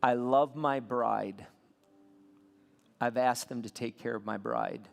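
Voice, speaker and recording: A man preaching a sermon as a pastor, telling a story with lively swings between soft asides and loud bursts. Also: medium pitch, slow, gravelly, soft background music. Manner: animated storytelling with sudden loud peaks. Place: church sanctuary. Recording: long hall reverb.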